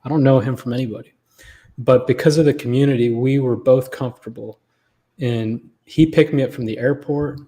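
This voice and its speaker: A man's voice: medium pitch, steady tone, a little fast, warm tone. A man, a guest on a livestream, telling a casual story and acting out other people's lines as he goes.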